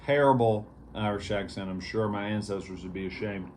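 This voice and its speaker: A man's voice: on the low side, brisk, noisy background. A man hosting a casual vlog review, talking in an easygoing, rambling way with lots of fillers. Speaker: beer reviewer, show host.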